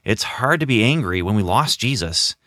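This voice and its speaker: A man voicing John, a kind adult disciple who speaks softly and reassuringly in a children's Bible story. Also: lowish voice, lively intonation, normal speed, dry recording, clean studio sound. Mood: gentle. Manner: soft, reassuring.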